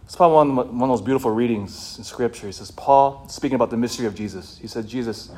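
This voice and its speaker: Husky priest preaching with fiery swings. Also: male voice, medium pitch, fast talker. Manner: passionate preaching, swinging from shouting to hushed. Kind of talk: sermon.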